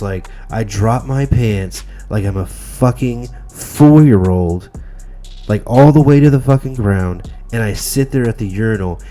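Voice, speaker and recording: Low, mellow-voiced man telling a rambling comic story. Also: a little hiss or hum. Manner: rambling and profane, full of restarts and fillers. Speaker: podcast host.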